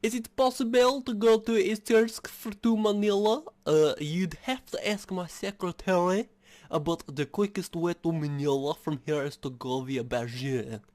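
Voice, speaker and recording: A man's voice: high-pitched, moderate pace, darkish tone, pitched above the performer's own voice, natural voice. A man voicing a fancy French-accented train passenger in a game, reading dialogue aloud in an exaggerated, formal manner.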